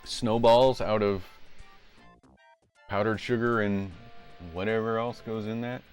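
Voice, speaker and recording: A man's voice: on the low side, little pitch movement, takes it slowly, a little mellow, faint music behind. A man live-streaming retro games, chatting casually and rambling as he plays at home. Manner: rambling, self-correcting.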